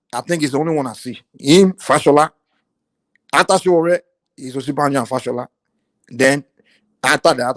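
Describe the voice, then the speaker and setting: Nigerian man, high and fast, fired-up political commentator, dry close sound. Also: no room sound. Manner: animated, repetitive restarts, Nigerian Pidgin phrases. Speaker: panel participant.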